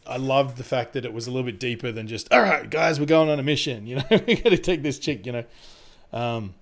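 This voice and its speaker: A young man talks through a movie in a loose, rambling way, full of fillers, laughter and casual swearing. His voice sits at an ordinary middle pitch. It feels like an easygoing chat between friends. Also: fairly quick, vocal fry.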